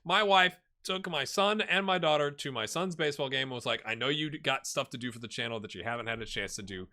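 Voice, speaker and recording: A man's voice: medium pitch, fast talker. A middle-aged man giving chatty commentary on his football management game and talking to his viewers. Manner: animated, chatty, talks to viewers and players. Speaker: gaming YouTuber. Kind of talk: casual Let's Play commentary.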